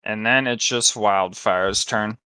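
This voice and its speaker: A man acting as dungeon master in an online tabletop game, calmly guiding players through the rules and narrating the action. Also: on the low side, takes it slowly, clear, resonant tone, no echo.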